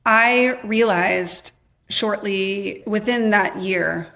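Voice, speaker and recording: A woman in her thirties, a podcast guest candidly telling her own life story, quoting her past self in lively bursts with a lot of "like". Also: mid-range voice, drawn-out words, vocal fry. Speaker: podcast guest, memoir author.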